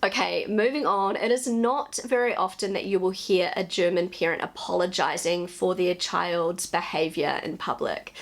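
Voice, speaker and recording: A woman in her thirties with a New Zealand accent, chatting casually to camera as a vlogger, with relaxed asides. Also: fairly low pitch, gravelly. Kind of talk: casual vlog commentary.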